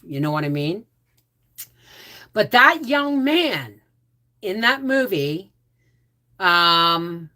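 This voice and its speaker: A woman's voice: fairly low pitch, bright, forceful tone. A woman hosting a casual livestream, rambling with frequent restarts and asides. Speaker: homestead channel host.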